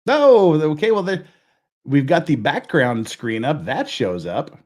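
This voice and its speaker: Man hosting on a video call, lively pitch, rambling self-mocking jokes. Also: unhurried. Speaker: host. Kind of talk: casual livestream chat.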